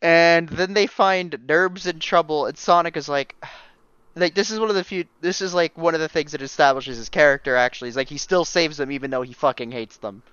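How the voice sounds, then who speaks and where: A man's voice: a little high, brisk, fairly bright tone, clear, resonant tone, dry recording, dull audio. A man co-hosting a casual comic podcast, laid-back and adding dry asides. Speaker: podcast co-host. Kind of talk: casual comic book chat.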